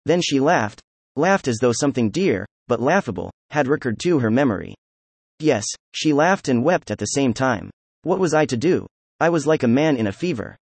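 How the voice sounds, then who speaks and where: A man narrating a novel chapter as an audiobook, in a steady, even-paced read. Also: medium pitch, moderate pace, gravelly, husky, no echo. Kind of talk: scripted narration.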